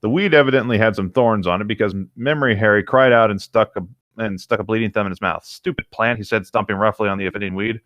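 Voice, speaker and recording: A man co-hosting a podcast, reading fanfiction aloud in a plain steady way with small slips. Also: on the low side, fast talker, no echo, highs cut off.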